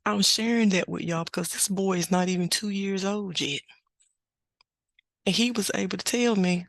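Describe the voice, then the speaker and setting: A middle-aged woman hosting a podcast, telling a family story in an unhurried, plain-spoken way. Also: medium pitch, dry recording. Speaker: podcast host. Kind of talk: casual spoken reflection.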